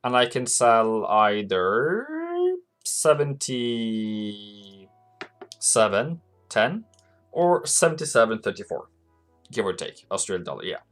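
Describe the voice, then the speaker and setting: A man's voice: lowish voice, animated, slow, pauses often, fairly bright tone, soft background music. A man hosting a live forex trading stream, chatting casually with viewers and laughing often as he talks through charts. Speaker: forex trading livestream host.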